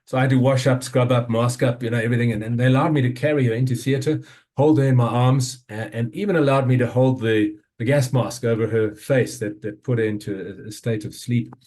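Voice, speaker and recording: Sharing his own story at a summit, this fiftysomething South African speaks with earnest hesitation, frequently starting over and filling pauses. The voice is mid-range, darkish, and even in tone.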